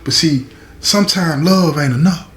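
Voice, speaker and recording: A man's voice: fairly high pitch, moderate pace, natural voice. Weary, protective mother, earnest and pleading, voiced by a male storyteller, in a roomy space. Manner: earnest, pleading, emphatic repetition. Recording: echoey room.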